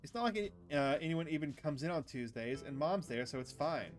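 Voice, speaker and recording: A man's voice: on the high side, lively intonation, fairly quick, faint music behind, close to an everyday voice. A man reading the lines of a sullen teenage boy who talks back to his older sister in a visual novel. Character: sulky defiant teenage boy.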